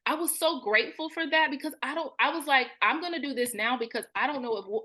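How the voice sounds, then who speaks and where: Bright-voiced woman in her thirties, candid. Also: fairly high pitch. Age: 30s. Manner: frank and colloquial, animated when voicing her inner thoughts. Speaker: guest, therapist and spiritual coach. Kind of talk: candid personal storytelling.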